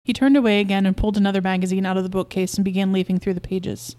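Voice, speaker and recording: A woman's voice: medium pitch, fairly even intonation, rapid-fire, mellow. Woman narrating a spooky short story. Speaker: podcast host reading a story. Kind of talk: reading a short story aloud.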